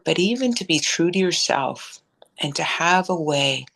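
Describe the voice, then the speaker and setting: A woman co-hosting a reflective conversation, speaking in a thoughtful, measured way. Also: low voice, expressive, creaky, fairly bright tone. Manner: thoughtful, measured, spiritual vocabulary. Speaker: co-host.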